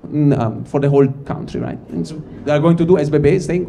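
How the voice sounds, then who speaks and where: A man's voice: a little high, steady tone, fast, vocal fry, dark tone, a little hiss or hum. A man from Ticino, Switzerland, performing a stand-up comedy set on stage, rambling and stopping himself mid-sentence as he talks to the crowd. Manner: rambling, self-interrupting, addresses crowd as guys. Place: comedy stage before a live audience.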